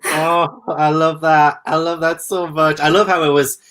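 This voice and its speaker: A man's voice: a little high, little pitch movement, normal speed, hardly any pauses, a bit bright. A man hosting a book chat stream, gushing effusively and laughing a lot. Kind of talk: casual chat.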